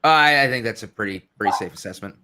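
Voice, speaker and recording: A man's voice: lowish voice, animated, rapid-fire, noisy background. A man co-hosting a podcast, chatting in an easygoing, considerate way. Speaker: podcast co-host. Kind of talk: casual podcast chat.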